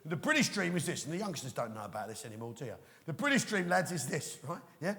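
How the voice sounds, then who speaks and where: A man's voice: sits high, wildly swooping pitch, fast talker, a bit bright. A man doing a live stand-up routine in a big theatre, ranting and swearing and constantly checking in with the crowd. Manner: ranting, swearing, keeps prodding the crowd with "right?". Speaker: stand-up comedian. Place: large theatre with a live audience. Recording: reverberant live venue sound.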